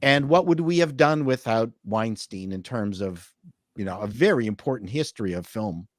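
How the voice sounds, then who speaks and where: A man's voice: lowish voice, lively intonation, normal speed, no echo, studio quality. A man chatting casually as a podcast panelist, rambling with restarts and hedges. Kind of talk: casual chat.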